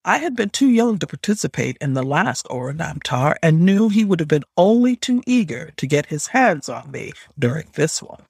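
A man reads a first-person story in a measured audiobook voice. His voice sits a little high and has a husky edge. The recording is close and dry. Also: very animated, a little mellow, no room sound. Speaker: audiobook narrator. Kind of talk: scripted first-person narration.

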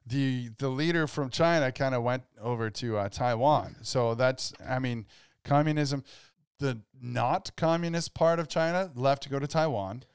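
A man's voice: medium pitch, moderate pace, clear, resonant tone, no room sound, studio quality. A man co-hosting a podcast, explaining theories in a loose, rambling way. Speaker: podcast co-host. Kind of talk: casual podcast banter.

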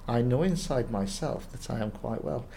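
A man voicing a calm, determined lotus sprout in a storybook reading. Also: mid-range voice, normal speed, creaky, close to an everyday voice. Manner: calm, earnest.

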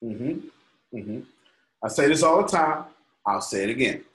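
A man's voice: mid-range voice, animated, unhurried, fairly bright tone, roomy sound, rough recording. A man coaching a group call, preaching his points in an emphatic, colloquial way. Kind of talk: motivational teaching on a call.

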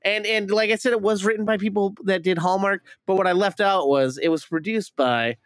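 A man's voice: sits high, a little fast, no echo. Rambling, profane man with a close, dry voice. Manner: rambling, profane, stumbling restarts. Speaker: podcast co-host reviewing a movie. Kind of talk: casual chat.

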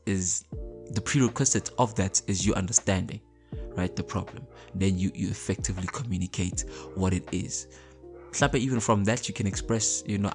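A man's voice: sits low, darkish tone. A man hosting a podcast in a casual motivational talk, conversational, repeating words and often checking in with listeners. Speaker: podcast host.

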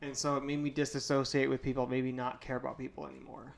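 A man's voice: medium pitch, level tone, quick pace, gravelly. A young man talking candidly in a casual podcast chat, rambling with lots of fillers. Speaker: podcast guest.

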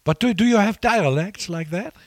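A man from Cologne, a musician guest chatting in a podcast interview, lively and halting at times. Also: high-pitched, no room sound. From Cologne, Germany. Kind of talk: casual interview chat.

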